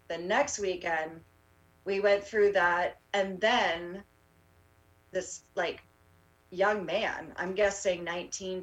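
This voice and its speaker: A woman, a rally organizer, tells her story in a casual interview, halting often with fillers and restarts. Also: on the low side, distant mic, low-quality recording. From Canada.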